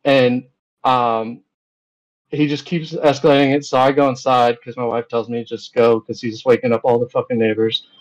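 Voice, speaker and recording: A man of ordinary pitch talks loosely as an interview guest, padding his story with fillers and retelling back-and-forth dialogue. The audio is a little dull, with the top end rolled off. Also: flat delivery, moderate pace. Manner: rambling, with many fillers and retold dialogue.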